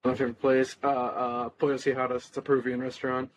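A man's voice: mid-range voice, monotone, quick pace, a little hiss or hum. A man from a band giving short, offhand answers in a casual interview. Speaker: band member.

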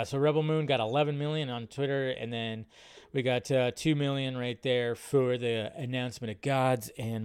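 A man's voice: mid-range voice, clear, resonant tone. A man hosting a live movie news stream, talking casually and rambling as he reads out viewer comments.

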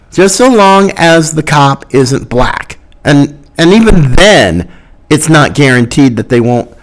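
Lively, high-voiced man ranting slowly. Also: rough recording. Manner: impassioned, argumentative, with mocking quotes. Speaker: podcast host. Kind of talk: political commentary monologue.

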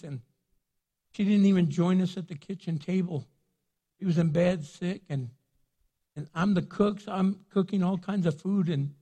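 Husky-voiced man preaching in a hall. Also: high-pitched, dark tone. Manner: conversational, earnest, acts out prayers. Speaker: pastor. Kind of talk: sermon. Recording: long hall reverb.

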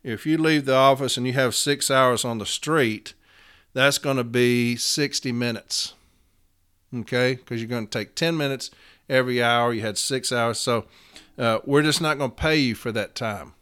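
A man's voice: mid-range voice, moderate pace, a bit bright, clean tone. A man telling a story in a blunt, profane, heated way, speaking as a union representative. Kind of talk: casual storytelling monologue.

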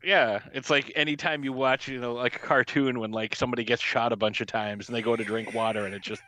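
A young man co-hosting a casual movie podcast, animated and acting out scenes in mocking voices. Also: medium pitch, fast, no room sound. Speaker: podcast co-host. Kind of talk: casual movie review chat.

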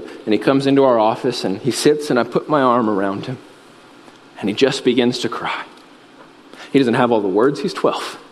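A man preaching a sermon, telling a story earnestly and dropping his voice low and soft at solemn moments. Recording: reverberant hall.

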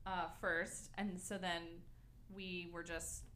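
A woman's voice: lowish voice, little pitch movement, slow pace, sharp tone, a little hiss or hum. A young woman chatting casually as a podcast guest, hesitant and giggly with lots of fillers. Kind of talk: casual chat.

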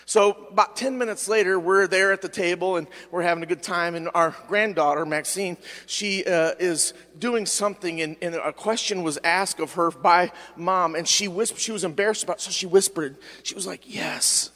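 Middle-aged guy preaching, drags words out slow to hit the point, church echo. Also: sits high, sharp tone. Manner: fervent preaching, stretching words slowly for emphasis. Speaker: pastor. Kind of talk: sermon. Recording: long church reverb.

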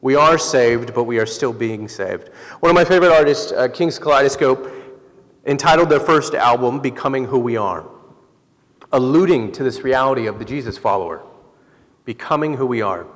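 A pastor preaching in a reverberant hall. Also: male voice, mid-range voice, normal speed. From Southern California. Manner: relaxed, conversational storytelling with laughs. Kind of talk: sermon.

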